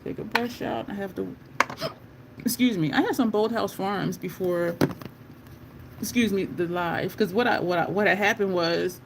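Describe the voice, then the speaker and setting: Unhurried and creaky, her mid-range voice comes over a noisy background. She's a makeup vlogger on a livestream, rambling through stories as she does her makeup and chatting to viewers with Southern "y'all" slang.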